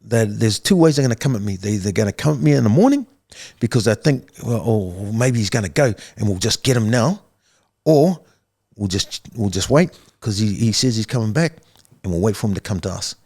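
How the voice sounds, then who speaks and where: A man's voice: on the low side, animated, fairly quick, darkish tone. A middle-aged man with a New Zealand accent telling his life story as a podcast guest, casual and full of repeated words, restarts, and "bro" and "man".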